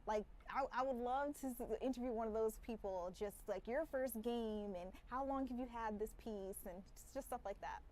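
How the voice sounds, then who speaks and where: A woman news anchor leads a live local broadcast. Her voice sits on the higher side, and her delivery is chatty and upbeat. She passes easily between banter and the next segment. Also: normal speed, hardly any pauses, a little mellow. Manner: conversational and upbeat.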